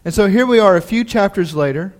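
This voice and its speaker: Brief: male pastor, conversational sermon delivery, high-pitched. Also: fairly quick. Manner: conversational, animated storytelling. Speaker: preacher.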